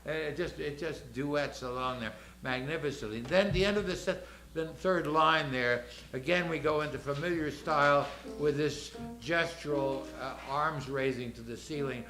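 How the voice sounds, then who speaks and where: An older man runs a choir rehearsal, explaining passages and counting the singers in. His voice is bright and a little high for a man. The sound rings around an echoey rehearsal room. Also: normal speed, soft background music. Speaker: choir director. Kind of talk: choral rehearsal instruction.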